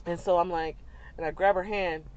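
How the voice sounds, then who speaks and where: A young woman, a mother, telling a family story in a chatty, animated way, with many fillers and frequent laughs. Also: on the low side, moderate pace, background noise. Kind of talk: casual storytelling vlog. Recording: dull lo-fi sound.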